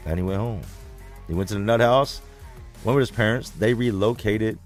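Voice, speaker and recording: A man's voice: fairly low pitch, moderate pace, soft background music. A man hosting a livestream, telling a story to his viewers in a blunt, profane, conversational way. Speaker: livestream host reading comments.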